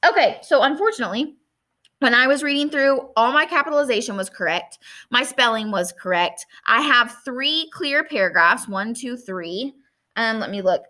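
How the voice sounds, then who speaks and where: Bright high-voiced woman teacher. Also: expressive, normal speed. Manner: friendly, thinking aloud while reading her own essay. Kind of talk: classroom lesson for children at home.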